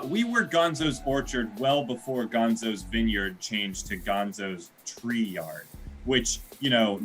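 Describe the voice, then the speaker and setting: A man's voice: lowish voice, pushed and bright, voice pushed down. A man playing a petty rival orchard owner. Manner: rambling, grudging. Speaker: improv comedian.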